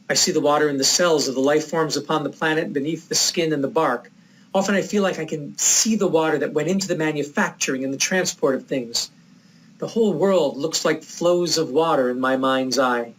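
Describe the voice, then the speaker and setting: A man from the United States giving a recorded lecture, telling a personal story in a reflective, measured way. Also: a little high, a little hiss or hum, poor audio.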